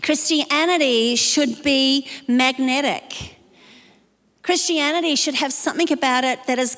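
High-voiced New woman preaching. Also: a bit bright. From New Zealand. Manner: chatty, self-deprecating asides to the audience. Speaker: pastor. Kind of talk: storytelling sermon. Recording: long hall reverb.

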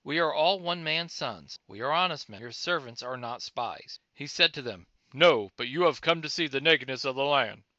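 Bright-voiced man reading scripture. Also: mid-range voice, moderate pace, hardly any pauses, no echo. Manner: steady reading with occasional stumbles and restarts. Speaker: Bible reader. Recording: dull, dry lo-fi recording.

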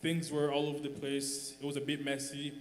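A man's voice: fairly high pitch, monotone, fairly quick. A man on a church panel telling his story candidly, recorded in a large church hall. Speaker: church speaker, husband. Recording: echoey hall with faint hum.

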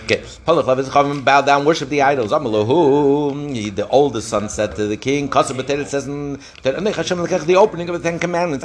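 A man's voice: a little high, normal speed, hardly any pauses. A man teaching a daily Talmud lesson, retelling the story with passion and mixing in Hebrew phrases. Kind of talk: daf lesson.

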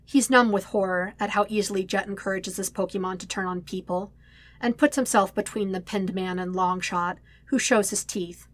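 A woman reading a fan story aloud in a quiet, steady narrating voice. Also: mid-range voice, moderate pace, no echo. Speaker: podfic reader. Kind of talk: audiobook reading.

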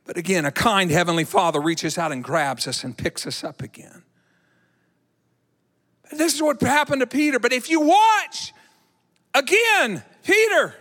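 Animated high-voiced male preacher. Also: moderate pace, long pauses. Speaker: pastor. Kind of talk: sermon. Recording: echoey hall.

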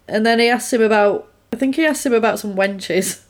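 A woman casually retelling a film's plot scene by scene, quickly voicing the characters' lines as she goes. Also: fairly high pitch. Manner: chatty, retells scenes with quick quoted voices. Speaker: podcast co-host recapping a film. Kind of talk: casual chat.

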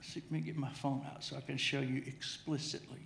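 A man's voice: mid-range voice, little pitch movement, brisk, vocal fry, noisy background. A middle-aged man preaching a sermon, telling a humorous personal story, often repeating his words as he goes. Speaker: pastor. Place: church sanctuary. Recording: echoey church hall.

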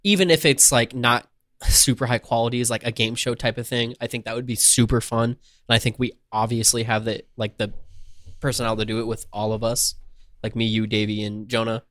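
A man co-hosts a podcast in an easygoing chat, his talk meandering and padded with "um" and "like." His voice sits at an average pitch. The sound is close and dry, with no room echo. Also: flat delivery, brisk, fairly bright tone. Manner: loose and hesitant, full of "um" and "like". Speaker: podcast co-host.

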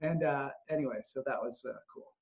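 A man hosting a casual interview podcast, telling stories and acting out quotes with lively energy. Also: medium pitch, a little fast. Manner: animated storyteller, acts out quotes. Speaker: podcast host. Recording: dull lo-fi sound.

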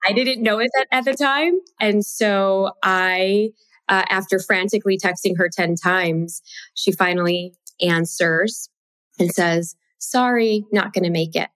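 An expressive woman guest and mother shares a lively personal story, laughter slipping into her sentences. Her voice sits at an ordinary middle pitch. It is recorded close and dry, with no room sound. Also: a little slow, no echo. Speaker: guest author.

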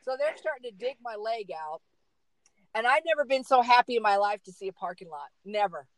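A woman's voice: a little high, lively intonation, a little fast, dry recording, poor audio. A middle-aged woman telling a dramatic story in casual chat, repeating words for emphasis.

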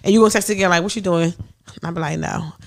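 A woman's voice: lowish voice, quick pace, vocal fry. A woman hosting a podcast in casual chat, blunt and profane, laughing often. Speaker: podcast host.

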